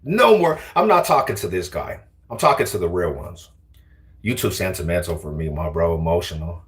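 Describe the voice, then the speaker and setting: A low-voiced young man streams from his car, taunting his viewers in a slangy, mocking way. His pitch swings widely, jumping up when he teases. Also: lively intonation, a little fast. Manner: taunting, slangy trash talk. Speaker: livestreamer. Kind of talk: casual trash-talk livestream.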